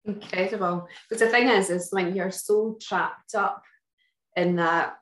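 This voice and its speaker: A woman's voice: medium pitch, fairly even intonation, measured pace, a bit bright, echoey room, poor audio. A Scottish woman co-hosting a chat show, reflecting supportively on a guest's story. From Scotland. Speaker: co-host. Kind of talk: casual chat.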